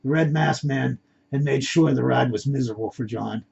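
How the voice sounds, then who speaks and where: Man, story reader, gravelly, husky, dull lo-fi home recording. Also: mid-range voice, moderate pace, darkish tone. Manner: plain reading with stumbles and restarts. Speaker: narrator reading his own story. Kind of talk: amateur story reading.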